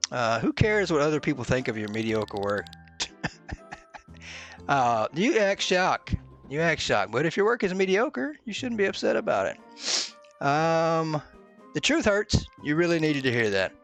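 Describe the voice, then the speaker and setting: A man casually commentating as he plays a game, joking bluntly and filling pauses with "uh". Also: on the high side, sing-song, a bit bright, soft background music. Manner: joking, mock-blunt, with many "uh"s. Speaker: gaming video host. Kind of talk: casual let's-play commentary.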